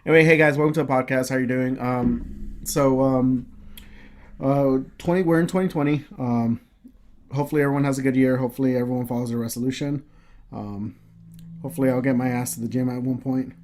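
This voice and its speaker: Male podcast co-host, casual chat, halting and filler-heavy delivery. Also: mid-range voice, steady tone, a little mellow, a little hiss or hum. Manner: rambling, lots of ums and uhs.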